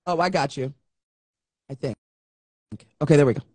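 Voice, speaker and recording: A woman hosting a live show, telling stories with animated energy and acting out back-and-forth exchanges. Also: deep voice, moderate pace, slightly rough, dry recording. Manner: animated storyteller who acts out exchanges. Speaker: host of a live online show. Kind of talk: casual live-stream chat. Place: at home.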